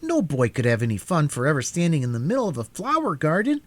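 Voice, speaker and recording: A man voicing an anxious, high-pitched young boy. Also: sing-song, moderate pace, a little mellow, no room sound. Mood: rebellious. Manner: pleading and anxious. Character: frightened, rebellious young boy.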